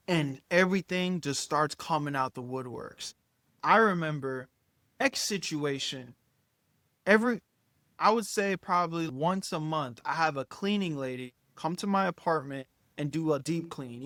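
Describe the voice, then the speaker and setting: Animated, slangy man telling a story. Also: on the high side, no room sound. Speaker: vlog host. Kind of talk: storytime monologue.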